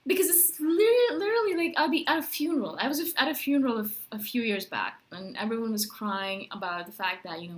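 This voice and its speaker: A woman's voice: fairly high pitch, brisk, hardly any pauses. A woman vlogging to camera in a casual, rambling monologue, full of "like" and "right?" asides. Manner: animated, rambling, lots of "like" and "right?".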